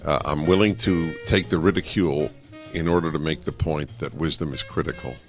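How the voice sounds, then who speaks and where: A man hosting a talk radio show, giving a political commentary monologue in an animated, sarcastic way with wry asides, speaking into a studio microphone. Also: a bass voice, a little fast, faint music behind.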